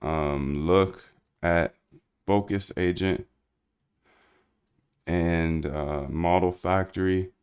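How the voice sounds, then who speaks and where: A man's voice: low-pitched, fairly even intonation, extremely slow, pauses often, darkish tone, smooth, muffled recording. A man streaming live while he codes, rambling in slangy casual talk to himself and his chat. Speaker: livestreaming programmer.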